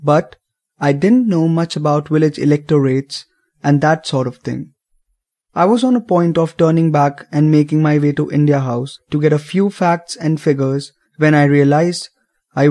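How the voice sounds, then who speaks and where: Expressive male storybook narrator. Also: fairly high pitch.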